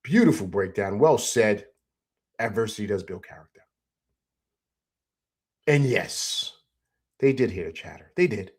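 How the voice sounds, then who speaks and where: A young adult man hosting a casual postgame livestream, breaking down highlights and greeting viewers in an excited, chatty way that is full of fillers. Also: a little slow, pauses often, husky. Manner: excited, animated, repeats "man" and "you know what I'm saying". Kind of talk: casual sports commentary over highlights.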